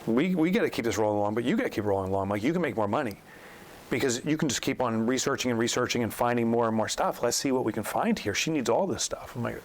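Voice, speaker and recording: Man, guest storyteller, animated, voices the people he quotes, mid pitch. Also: fast talker, poor audio. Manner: animated storyteller acting out quotes, rising sharply when incredulous. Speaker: guest, author and business coach. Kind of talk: storytelling in a podcast interview.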